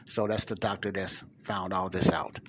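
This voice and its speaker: A man's voice: low voice, fairly even intonation, normal speed, fairly bright tone, slight background noise. A man hosting a podcast, reading out figures emphatically and putting questions straight to the listener. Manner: emphatic, repeats numbers and asks the listener directly. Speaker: podcast host. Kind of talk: commentary over a played clip.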